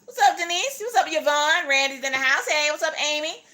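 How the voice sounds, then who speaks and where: A woman's voice: sits high, fairly quick, sharp tone. A woman hosting a casual craft livestream, playfully greeting chat viewers by name and joking with them as she unboxes.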